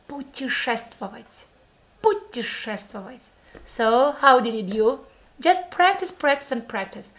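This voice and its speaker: A woman's voice: fairly high pitch, fairly bright tone. A woman with a Russian accent teaching a pronunciation lesson, speaking carefully and encouragingly and repeating words for practice.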